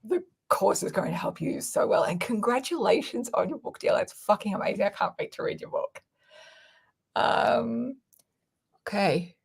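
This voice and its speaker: A middle-aged woman hosting a livestream, chatting frankly and cursing freely as she answers comments and pushes a deal. Her voice has a gravelly, husky texture. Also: normal speed. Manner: frank, sweary and excitable sales pitch. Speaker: online business coach hosting a livestream. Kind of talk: casual livestream chat reading viewer comments.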